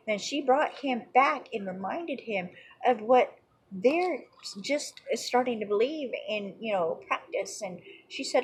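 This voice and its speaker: Husky woman teaching a bible lesson, kinda high voice, rambles a lot w/ lots of "you know". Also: animated, unhurried, a little mellow, poor audio.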